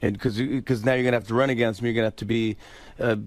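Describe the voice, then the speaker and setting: A middle-aged man tells a story as a guest on a radio show, with medium pitch and many fillers. He acts out what others said as he goes. The mic sound is dry and close. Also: steady tone, very fast, no echo. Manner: storytelling, acting out quotes, hesitant fillers. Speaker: guest, late-night TV host. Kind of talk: anecdote in a radio interview. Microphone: studio microphone.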